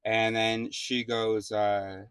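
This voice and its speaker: A man's voice: on the low side, little pitch movement, drawn-out words, a bit bright, smooth, no room sound. A man casually telling a rambling story to the camera, swearing freely and restarting his sentences. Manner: rambling, profane, full of fillers and restarts. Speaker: vlogger.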